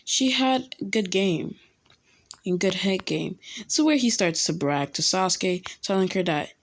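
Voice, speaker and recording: Young woman rambling through a fan story, lots of ums, slow and a bit low. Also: animated. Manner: halting, full of ums and restarts. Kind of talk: casual fan-fiction storytelling.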